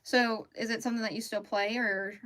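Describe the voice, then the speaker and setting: A chatty woman, her voice bright and a little high. She talks in a loose, rambling way and laughs easily, like someone chatting on a relaxed livestream. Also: brisk. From Mississippi, US. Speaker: crochet livestream host. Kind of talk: casual livestream chat. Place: home closet.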